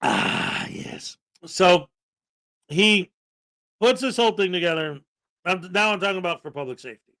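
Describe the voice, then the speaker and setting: This podcast host's voice is high-pitched, expressive, pushed and bright; he talks at normal speed but pauses often. He rambles through a story in casual commentary, laughing and acting out what others said.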